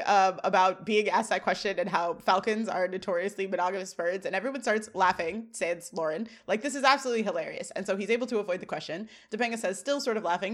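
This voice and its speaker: A woman's voice: mid-range voice, a little fast. A woman co-hosting a podcast, recapping a sitcom episode in casual chat and acting out the lines as she goes. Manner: animated retelling, acting out lines. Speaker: podcast co-host.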